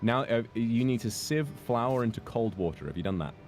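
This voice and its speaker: A young man chatting casually as a guest streamer, an animated storyteller who keeps jumping into high put-on voices to quote people. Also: brisk, a little hiss or hum.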